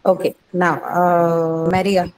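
A woman's voice: lowish voice, little pitch movement, slow pace, a little hiss or hum, low-quality recording. A woman English teacher taking an online class, explaining word stress patiently and confirming answers with "correct" and "that's right".

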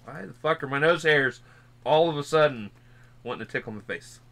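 Bright-voiced man in casual chat. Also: on the high side, fairly quick. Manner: loose and rambling, swears casually, fidgety. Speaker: reaction video co-host. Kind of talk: casual chat reacting to a song. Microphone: wearing a face mask.

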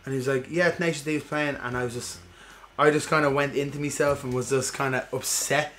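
A man's voice: medium pitch, fast talker, faint music behind. Swearing man telling a story. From Ireland. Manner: swears freely, animated storytelling with acted-out quotes. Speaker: gaming podcast co-host. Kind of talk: casual chat while playing a game.

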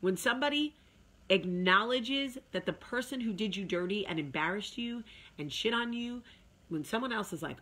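A woman's voice: medium pitch, animated, moderate pace, a bit bright. A woman hosting a casual talk video, chatty and emphatic, talking straight to her viewers. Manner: chatty, emphatic, with sung asides. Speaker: vlog host.

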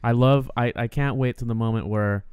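A man's voice: mid-range voice, fairly even intonation, brisk, clear, resonant tone, no echo, lo-fi sound. A man co-hosting a casual film podcast, opinionated and rambling, with lots of fillers. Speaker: podcast co-host. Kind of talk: casual film review chat.

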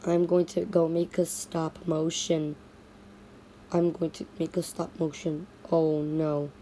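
A woman's voice: sits low, level tone, takes it slowly, dark tone, a little hiss or hum. A woman narrating a playful toy stop-motion story in repetitive, sing-song toy voices.

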